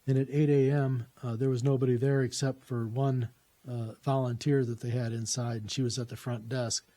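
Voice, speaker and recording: Mellow-voiced man telling a rambling story. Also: medium pitch, flat delivery, normal speed. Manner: rambling, many fillers and restarts. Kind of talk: personal anecdote, casual storytelling.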